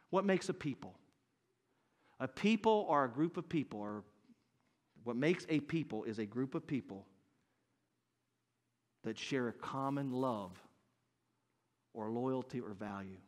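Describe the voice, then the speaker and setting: A man in his fifties preaching a sermon as pastor, earnest and building to loud, emphatic bursts. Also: medium pitch. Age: 50s.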